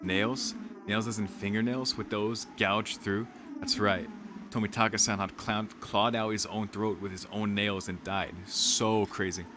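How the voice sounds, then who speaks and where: A man's voice: on the low side, steady tone, measured pace, noisy background. A young man streaming a visual novel, reading lines aloud and reacting, shaken, rambling and swearing. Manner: rambling, swearing, many fillers. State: shaken, dizzy.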